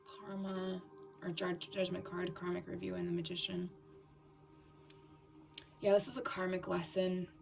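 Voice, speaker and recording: A woman giving a tarot reading in a scratchy voice, talking haltingly with fillers and restarts. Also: lowish voice, vocal fry. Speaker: tarot reader. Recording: distant mic with background music.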